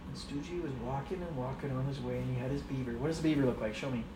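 A woman's voice: a bass voice, rapid-fire, roomy sound, distant mic, heavy background noise. A mother telling her children an improvised, rambling story in a playful way, laughing as she goes.

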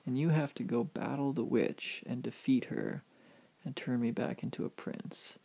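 A man voicing a calm, solemn mouse who is really an enchanted prince, in a told story. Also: medium pitch, normal speed, gravelly, breathy edge.

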